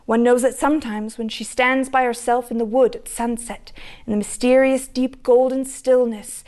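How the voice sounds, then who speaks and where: High-voiced woman reading a story aloud. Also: fairly even intonation, moderate pace, darkish tone.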